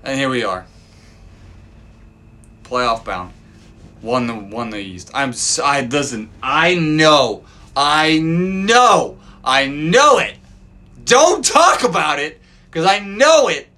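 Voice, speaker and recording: Cursing guy ranting on his podcast, bright edgy voice, pitch all over the place. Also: expressive, takes it slowly. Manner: foul-mouthed, swings from loud outbursts to low mutters. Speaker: podcast host. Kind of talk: profane fan rant. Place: home backyard.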